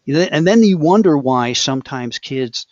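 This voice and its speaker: A man's voice: mid-range voice, lively intonation, normal speed, darkish tone, no echo. A man hosting a casual conversation, sharing a reflective story and stammering as he begins his sentences. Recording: dry dull lo-fi sound.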